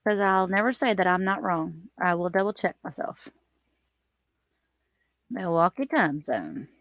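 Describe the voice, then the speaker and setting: A woman hosting a casual live stream, chatting and greeting her viewers by name in an animated way. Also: measured pace, no echo. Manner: animated, lively swings in pitch and loudness.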